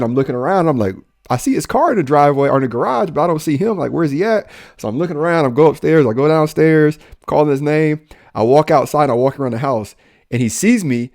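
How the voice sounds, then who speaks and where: A man co-hosting a podcast, a police officer telling a personal story in casual talk and acting out the voices of the people in it. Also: mid-range voice. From Central Ohio. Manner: animated, acts out quoted dialogue.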